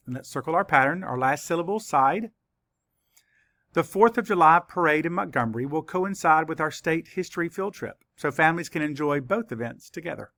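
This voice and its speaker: A man teaches a children's spelling lesson in a voice pitched a little above the usual male range. He spells words out slowly and deliberately, letter by letter. The recording is close and dry, with no room sound. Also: lively intonation, a bit bright, no echo.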